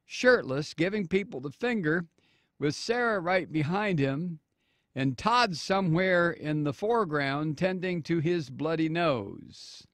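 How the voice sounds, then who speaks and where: A man hosting political talk radio, reading a news story slowly with many fillers and sarcastic asides. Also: on the high side, animated, fairly bright tone, no room sound. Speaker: radio talk show host.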